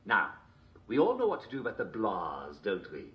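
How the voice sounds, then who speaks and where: An actor playing a chirpy British health-show presenter who speaks in a breezy, matter-of-fact way in a scripted game radio broadcast. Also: male voice, lowish voice, wildly swooping pitch, moderate pace, muffled recording.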